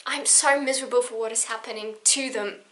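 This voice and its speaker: A young woman in her twenties from Poland, speaking in an earnest, emotional personal vlog. She rambles a little and restarts her sentences often, in a slightly higher than average voice. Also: fairly even intonation, a little fast, fairly bright tone, a little hiss or hum. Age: 20s. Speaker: vlogger.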